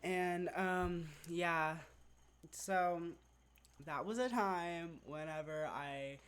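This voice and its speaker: Chatty storytime vlogger, says like every other word, rambly and animated, middle pitch. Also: extremely slow, clean tone. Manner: rambling, filler-heavy, says "like" constantly. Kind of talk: casual storytime vlog.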